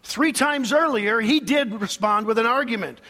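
A man's voice: very high voice, normal speed, sharp tone, big-room sound. A male pastor preaching a sermon, emphatic and preacherly, leading his congregation in call-and-response.

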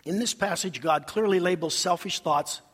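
A man preaching a sermon as pastor, acting out quotes in a lively, animated way. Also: sits high, normal speed, husky. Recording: long hall reverb.

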